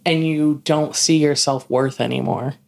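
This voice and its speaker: A woman with a low, mellow voice speaks in casual conversation as a podcast co-host. She often chimes in to agree and adds remarks of her own. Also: fairly even intonation, measured pace, gravelly. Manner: supportive, chiming in with agreement. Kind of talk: casual chat.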